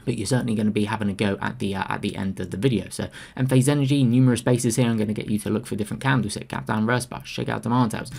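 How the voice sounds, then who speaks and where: Male trading teacher, quick and gravelly, hammers home key points. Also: fairly low pitch, steady tone, a little mellow. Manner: emphatic, repeats key phrases. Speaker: trading educator. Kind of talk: screen-share presentation.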